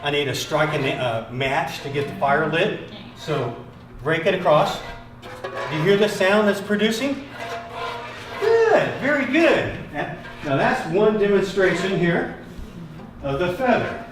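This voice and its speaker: A man's voice: sits high, sing-song, a little slow, music in the background. Encouraging man leading a drum workshop. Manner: encouraging, asks the group questions, repeats praise. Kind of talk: hands-on group music lesson. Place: room with a group of participants. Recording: echoey room from far off, background noise.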